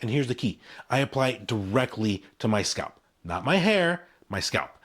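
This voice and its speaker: A man's voice: medium pitch, very animated, moderate pace, a bit bright. A man in his forties delivers a scripted promotional talk straight to camera. He speaks in short, punchy, emphatic phrases with an upbeat sales energy, like a vlogger selling his own product. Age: 40s.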